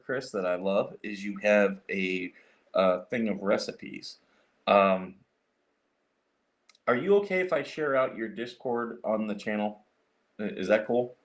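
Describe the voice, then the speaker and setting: A man's voice: lowish voice, gravelly. A man hosting a casual livestream, rambling with many fillers and restarts as he clicks through his computer and talks to viewers. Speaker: livestream host.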